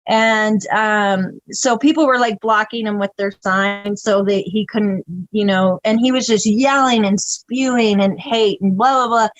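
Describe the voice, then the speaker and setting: A woman guest on a podcast telling stories in casual chat, animated and profane, often breaking into laughter. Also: mid-range voice, unhurried, hardly any pauses, no room sound, highs cut off.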